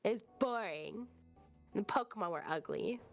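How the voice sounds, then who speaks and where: Bubbly giggly woman with a lively voice. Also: mid-range voice, unhurried, soft background music. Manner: bubbly, giggly, gasps with excitement. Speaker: guest streamer. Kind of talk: casual interview chat.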